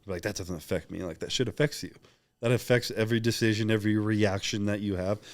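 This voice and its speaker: A man's voice: on the low side, steady tone, fast talker, no echo. A young man talking openly and reflectively as a podcast guest, rambling with many fillers in casual interview chat.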